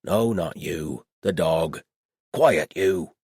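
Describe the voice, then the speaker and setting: A man voicing a wary, gruff old male shepherd who speaks in blunt, clipped rural phrases. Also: sits low, extremely slow, a little mellow, dry recording, studio quality, exaggerated voice. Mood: snapping.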